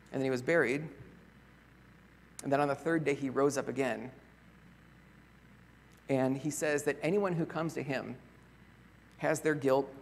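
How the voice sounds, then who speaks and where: A man preaching a sermon as a pastor, earnest and conversational, often pausing on rhetorical questions. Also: on the high side, creaky, slight background noise. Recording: long reverb of a large hall.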